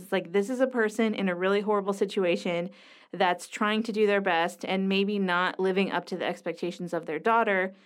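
A woman in her thirties, a mother, gives a casual movie review. She talks in a chatty, enthusiastic way, dotted with ums and uhs. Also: medium pitch. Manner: chatty, enthusiastic, with frequent fillers.

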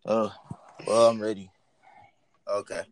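A man's voice: lowish voice, steady tone, slow. A man talking from his car into a phone pressed to his mouth, exasperated and swearing as he laughs off the bad connection. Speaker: podcast guest. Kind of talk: casual chat over a call. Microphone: phone held close.

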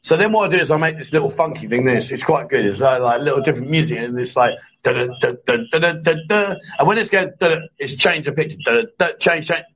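A man's voice: a little high, fast, few pauses, fairly bright tone, highs cut off. A man hosting a casual live chat show, joking and teasing his co-host.

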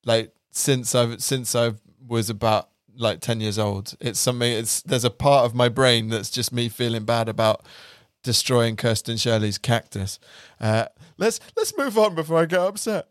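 A young man with a British accent hosts a podcast and tells stories about himself in a chatty, self-deprecating way. His voice sits at a middle pitch, and the recording is dry and close. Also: little pitch movement, measured pace, smooth, no echo. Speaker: podcast host. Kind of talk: casual chat.

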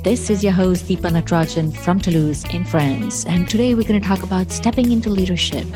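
Woman, podcast host, lowish voice, reflective, faint music underneath. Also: brisk. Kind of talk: podcast interview.

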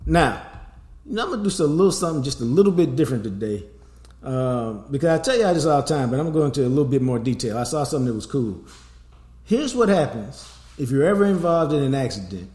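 A middle-aged man hosts a sports podcast in an easy, street-smart manner. His voice sits at a middle pitch, and the room adds a noticeable echo. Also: very animated, fast talker, darkish tone. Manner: loose, streetwise banter with promo plugs. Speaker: podcast host. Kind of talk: casual sports podcast chat. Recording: roomy echo.

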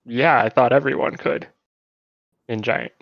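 A man's voice: mid-range voice, fairly even intonation, unhurried, gravelly, no echo. A man playing a tabletop game, teasing his friends in an easygoing way. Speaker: player. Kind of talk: casual tabletop play. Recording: dull muffled sound.

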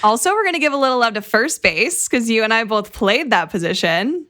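A woman's voice: on the high side, expressive, a little fast, bright, forceful tone. A young woman hosting a sports podcast, talking in an upbeat, enthusiastic way. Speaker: podcast host. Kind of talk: casual podcast chat.

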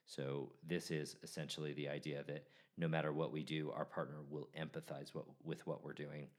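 Low-pitched man, forties, podcast host, easygoing and chatty with restarts. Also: little pitch movement, moderate pace. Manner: casual, joking, restarts often. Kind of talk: solo podcast talk.

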